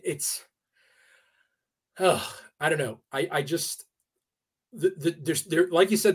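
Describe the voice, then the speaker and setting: A man being interviewed on a podcast, telling a personal story in a casual, halting way with many fillers and restarts. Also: medium pitch. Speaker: podcast guest. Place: New York area.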